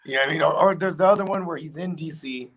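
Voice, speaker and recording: A man from Washington, D.C., chatting casually and retelling comedy bits in lively put-on voices. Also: a little high, racing, low-quality recording. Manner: animated storyteller, acts out comedians' bits. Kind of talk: casual chat.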